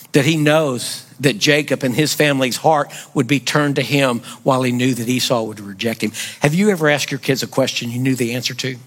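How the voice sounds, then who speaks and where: A man preaching a sermon as pastor in a church, firing rhetorical questions and building to near-shouts. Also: medium pitch. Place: church sanctuary.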